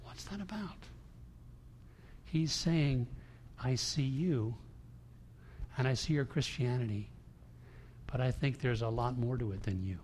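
A man preaching a sermon to a congregation, emphatic and swinging between hushed lines and loud ones. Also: mid-range voice, measured pace, pauses often, a little hiss or hum. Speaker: pastor. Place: large church room before a congregation. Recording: long hall reverb.

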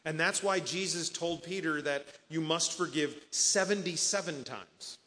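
A man's voice: on the high side, unhurried, bright, forceful tone, big-room sound. A man preaching a sermon as pastor, earnest, quoting scripture and voicing the people in his stories.

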